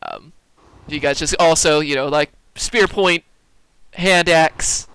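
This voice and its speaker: Bright, clear-voiced man running a tabletop game. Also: on the high side, fairly even intonation, slow pace, no room sound, low-quality recording. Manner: casual, laid-back, with filler ums. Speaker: game master.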